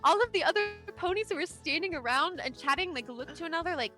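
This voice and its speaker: High bright woman game master. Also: expressive, brisk, hardly any pauses, faint music behind. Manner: filler-heavy, giggly. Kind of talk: narrating a tabletop game.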